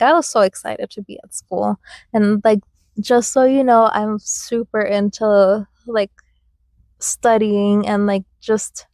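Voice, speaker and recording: A young woman from the United States tells stories from her childhood in an easy, chatty way, laughing often and leaning on fillers. Her voice sits fairly high and her pace is slow and unhurried. The recording is dry and close, with no room sound. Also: a little mellow, no echo. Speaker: podcast host. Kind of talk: casual storytelling.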